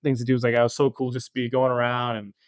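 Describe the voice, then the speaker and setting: Smooth-voiced reflective podcast co-host. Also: male voice, mid-range voice, monotone, very fast, no room sound, studio quality. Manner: reflective, many "like" fillers. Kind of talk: casual podcast chat.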